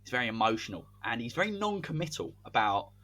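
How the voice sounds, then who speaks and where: Husky-voiced guy on a podcast, telling a what-if football story like he's calling the match, voice jumping up and down a lot. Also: medium pitch, fast. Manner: animated, spins a hypothetical tale like match commentary. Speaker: podcast co-host. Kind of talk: casual storytelling chat.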